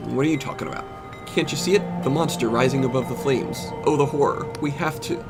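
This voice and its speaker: A man's voice: medium pitch, brisk, close to an everyday voice. Olwen, a fussy flustered village mayor, read by a man. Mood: frantic. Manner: fussy, prim, evasive. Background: game music.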